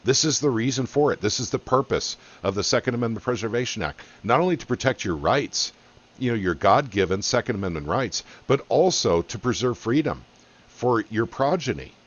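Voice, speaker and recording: A man's voice: medium pitch, expressive, a little fast. A middle-aged man hosting a podcast, giving an impassioned, folksy political monologue that rallies his listeners. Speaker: podcast host. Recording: dull lo-fi audio.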